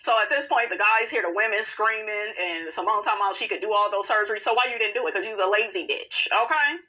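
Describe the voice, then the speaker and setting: A woman's voice: mid-range voice, quick pace, sharp tone, dull audio. A woman doing a casual reality TV recap, sassy and profane, calling listeners honey and child.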